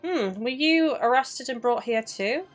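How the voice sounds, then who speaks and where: A cheeky little mouse detective chats away in a fairly high, easygoing voice, as a woman reads him out. The delivery stays close to a casual read, with a faint music bed behind. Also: expressive, a little slow. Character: cheeky small male electric mouse.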